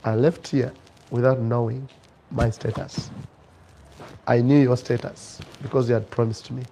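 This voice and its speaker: A man voicing a remorseful young husband saying farewell, quiet, low and pleading. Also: steady tone, measured pace, a little hiss or hum, lightly acted, low-quality recording. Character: remorseful dying young husband, soft and tender.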